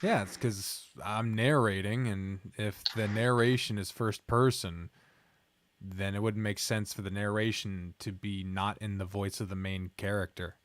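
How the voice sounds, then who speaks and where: A man's voice: lowish voice, fairly even intonation, measured pace. A man with a Midwestern accent chatting casually on a stream, rambling and trailing off with ums. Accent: Midwestern American. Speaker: streamer and visual novel narrator.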